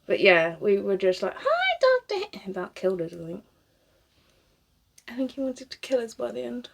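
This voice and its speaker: A cosplayer from Britain, in her thirties, rambles casually while styling a wig, swearing liberally and laughing frequently. Her mid-range voice has vocal fry and moves at a normal speed.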